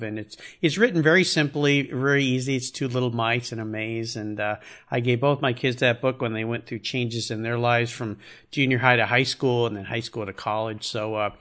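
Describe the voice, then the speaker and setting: A man's voice: medium pitch, a bit bright. A man hosting an interview, chatty and affirming as he asks questions. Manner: chatty, affirming, laughs along. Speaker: interview host. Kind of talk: casual interview.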